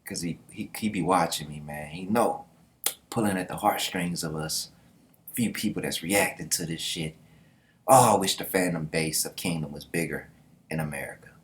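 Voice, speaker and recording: A man's voice: low voice, normal speed. A man hosting a casual manga reaction, talking in a loose, slangy way with laughing asides.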